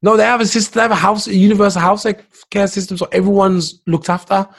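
A man's voice: high-pitched, flat delivery, fast talker, creaky. A young man hosting a casual podcast chat, opinionated and full of "dude" and "man". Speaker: podcast host.

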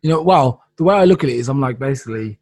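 A man's voice: medium pitch, very fast, no room sound. A man in casual discussion who tells stories and acts out what others said. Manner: animated storyteller, acts out quotes.

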